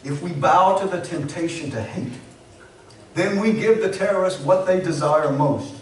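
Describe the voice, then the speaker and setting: A man pastor delivering a sermon in an earnest, measured storytelling manner with emphatic pauses. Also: on the high side. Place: church sanctuary. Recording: very echoey hall, distant mic, faint hiss.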